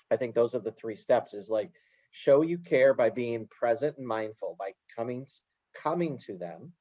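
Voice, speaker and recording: A man explaining calmly in an interview, often slipping into little acted-out quotes of parents and children. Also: mid-range voice, no echo, highs cut off. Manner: animated storyteller acting out little quoted dialogues. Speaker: guest, educator. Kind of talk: conversational interview answer.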